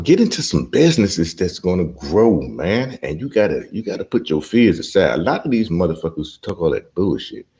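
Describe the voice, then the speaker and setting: A man's voice: low voice, a little mellow, muffled recording. A middle-aged man ranting as a panel guest, blunt and profane. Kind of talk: ranting commentary.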